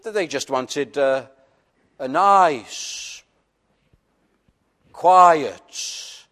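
A man preaching a sermon, earnest and pleading, often dropping to a quiet, intimate tone. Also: mid-range voice, drawn-out words, long pauses.

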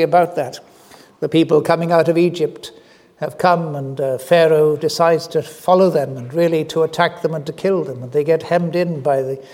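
A man preaching an evening sermon in an earnest manner, lifting his pitch and volume on key phrases, with many short pauses. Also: darkish tone, long reverb tail.

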